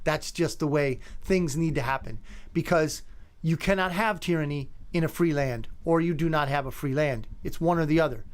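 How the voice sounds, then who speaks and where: A man's voice: on the high side, normal speed, smooth. A man in his fifties hosting a talk radio show, talking in an emphatic, conversational way. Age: 50s. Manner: conversational, emphatic, greets callers by name. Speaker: radio host.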